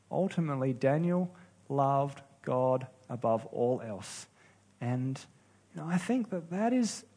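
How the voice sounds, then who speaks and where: A man preaching a sermon as pastor, earnest and unhurried, with pauses and restarts. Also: mid-range voice, vocal fry, a little mellow, slightly rough.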